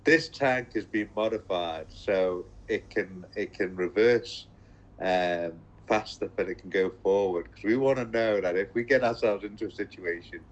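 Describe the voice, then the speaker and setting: A man voicing a laid-back, eccentric male tank commander in a relaxed, unbothered drawl. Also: fairly low pitch, moderate pace, dull audio, lightly acted.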